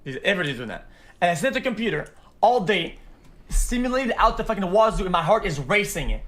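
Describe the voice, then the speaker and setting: A man's voice: sits high, sing-song, brisk, fairly bright tone. A man ranting in an online debate, stumbling and repeating words as he pushes his point. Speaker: streamer in a debate.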